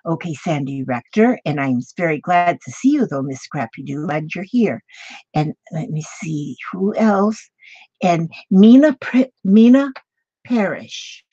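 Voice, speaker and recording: A woman's voice: fairly low pitch, lively intonation, a little slow, dark tone, breathy edge, no echo. An older woman hosting a casual craft livestream, chatting in a rambling way and greeting viewers one by one. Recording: dull lo-fi dry sound.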